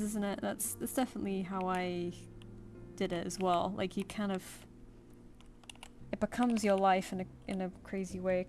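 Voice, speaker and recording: Drawing live on stream, a woman thinks aloud and chats casually, reading her viewers' comments and answering them. She speaks at a medium pitch with a slightly mellow quality.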